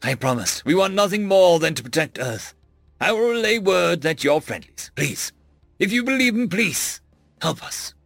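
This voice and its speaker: A stern female general, as a male narrator puts her on, giving firm, clipped orders in a sci-fi audiobook. The voice is lively and close, with no room sound at all. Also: high voice, normal speed, creaky, no echo, soft background music, voice pushed up, full character voice. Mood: pleading.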